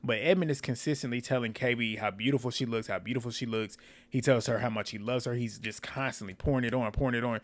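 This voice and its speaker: Male YouTube recapper, casual and outspoken, mid-pitched everyday voice. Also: fast. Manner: blunt, animated, swears and laughs often. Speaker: reality TV recap host.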